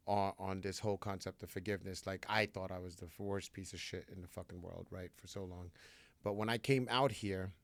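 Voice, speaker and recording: A man's voice: low voice, clear, resonant tone, no room sound. Blunt, profane male podcast host. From New Jersey. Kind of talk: candid recovery podcast talk.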